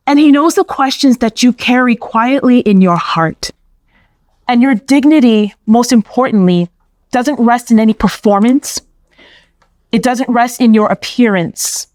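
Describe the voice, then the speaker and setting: A woman's voice: on the high side, darkish tone, dry recording. A middle-aged woman with a New York accent giving an inspirational faith talk, emphatic and repetitive with a preacherly cadence. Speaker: Catholic speaker.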